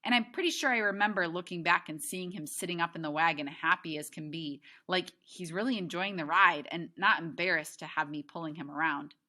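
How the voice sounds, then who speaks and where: Woman teacher, read-aloud to class, bright lowish voice, chatty asides. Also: brisk, few pauses. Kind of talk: reading a novel aloud to a class.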